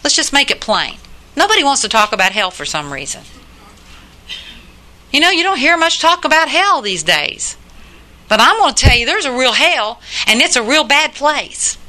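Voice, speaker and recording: A woman's voice: high voice, big pitch swings, moderate pace, bright, forceful tone. An older woman preaching a sermon in an earnest, plain-spoken way, repeating her points for emphasis.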